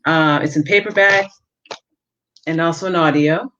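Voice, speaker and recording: Through muffled lo-fi sound, a deep-voiced woman with a sharp tone reads passages from a novel she wrote. She keeps a measured pace with the occasional filler.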